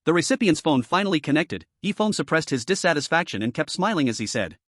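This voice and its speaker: A man narrating a recap story in an even, read-aloud delivery. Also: fairly high pitch, fast, few pauses, no room sound, clean studio sound.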